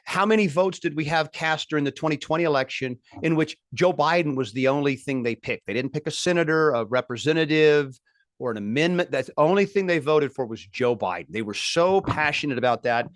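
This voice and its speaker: A man's voice: a little high, animated, brisk, no echo, clean studio sound. A man hosting a political commentary show, delivering an emphatic, indignant monologue that builds in rising bursts.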